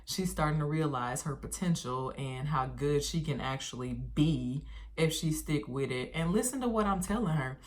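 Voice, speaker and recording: Woman vlogger, low voice, slangy casual storyteller who talks straight to camera. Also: animated, normal speed. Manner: slangy, chatty, addresses viewers directly.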